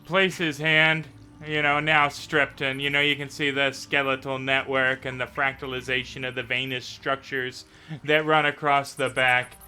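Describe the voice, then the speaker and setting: Bright-voiced male game master. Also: mid-range voice, level tone, moderate pace. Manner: descriptive, leading the scene. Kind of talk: narrating a tabletop game.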